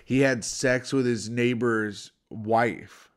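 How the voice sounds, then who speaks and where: Guy rambling thru a crude story on a podcast, swears a lot, says like constantly, average pitch. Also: steady tone, slow, clear, resonant tone. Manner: rambling, profane storytelling with lots of "like". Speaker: podcast co-host. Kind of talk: casual chat.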